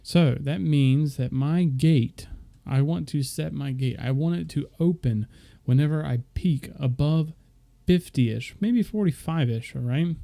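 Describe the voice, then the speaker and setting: His voice sits a little high with vocal fry and a dark tone, and though unhurried, he barely pauses. The young streamer loosely walks viewers through his microphone settings on screen, using lots of fillers.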